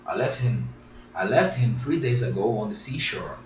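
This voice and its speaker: A man voicing a large male talking pigeon in a plain, steady tone. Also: fairly low pitch, normal speed, natural voice. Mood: calm. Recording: roomy, distant, faint background hiss.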